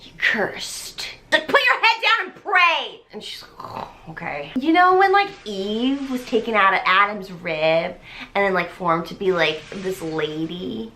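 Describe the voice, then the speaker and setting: A tipsy woman hosting a comedic musical recap, chatty and bubbly, jumping into quick character voices. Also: medium pitch, lively intonation, bright, forceful tone, slight background noise. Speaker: host.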